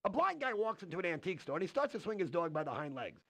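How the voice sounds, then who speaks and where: Brash nightclub comic, high and lively, rattles jokes off fast. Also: male voice, creaky, no echo, exaggerated voice. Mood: joking. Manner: punchy set-up and punchline delivery, quick switches into quoted voices. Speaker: stand-up comic in a game. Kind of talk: stand-up joke delivery.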